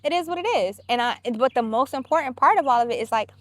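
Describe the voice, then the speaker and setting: A woman with a high voice hosts her own podcast in a loose, unscripted monologue. She talks bluntly and swears freely, throwing in quick quoted asides. The sound is dry and close. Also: lively intonation, no echo. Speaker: podcast host. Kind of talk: casual solo podcast monologue.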